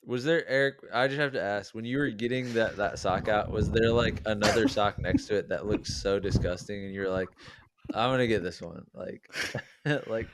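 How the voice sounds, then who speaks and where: A man's voice: lowish voice, normal speed, noisy background. A man co-hosting a podcast in casual banter, rambling and giggling as he teases, over a remote call. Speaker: podcast co-host. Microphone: remote call mic.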